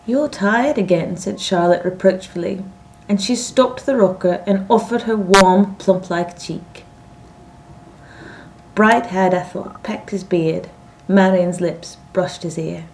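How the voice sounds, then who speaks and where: A woman reading a story aloud in a measured, expressive audiobook narration. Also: fairly low pitch, creaky, poor audio.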